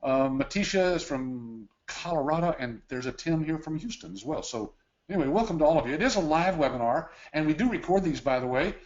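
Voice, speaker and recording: Higher-pitched man, casual webinar co-host on a dull, lo-fi video call, slightly breathless, lots of "uh"s. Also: expressive, brisk. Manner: chatty, filler-heavy. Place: home office.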